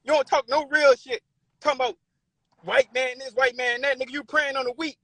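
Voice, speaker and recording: A man's voice: very high-pitched, flat delivery, brisk, fairly bright tone, no echo. A man calling into a livestream, angry and accusing in a heated, profane argument. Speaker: caller on a livestream.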